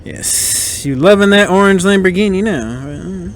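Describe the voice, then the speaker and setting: A man's voice: high voice, measured pace. A man hosting a podcast, chatting casually in a movie commentary, joking and laughing often. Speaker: podcast host.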